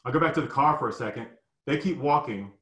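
Animated storytelling man in an echoey room. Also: medium pitch, fast, a little hiss or hum. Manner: animated, acts out the people in his story. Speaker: guest storyteller. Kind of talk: personal storytelling. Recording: roomy echo.

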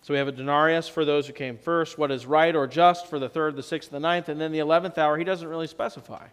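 A man preaching a sermon as pastor, telling the story in a conversational way and swinging between loud and soft for emphasis. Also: a little high, steady tone, fast, clear, resonant tone. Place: church sanctuary. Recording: long church reverb.

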